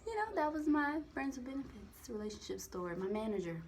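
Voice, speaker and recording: A young woman telling a personal story to the camera in a candid, profane, animated way, acting out the voices in her quotes. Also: a little high, fast talker, crowd noise. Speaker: vlogger. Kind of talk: casual storytime monologue.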